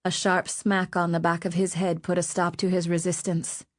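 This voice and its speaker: A woman reading an audiobook with measured, even storytelling narration. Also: lowish voice. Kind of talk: scripted narration.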